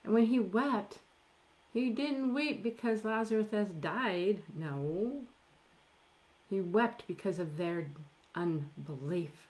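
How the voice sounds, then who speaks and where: A middle-aged woman preaching a sermon, emphatic, drawing out key words and dropping to soft near-whispers at times. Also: medium pitch. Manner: emphatic, with slow drawn-out stresses and soft near-whispered asides.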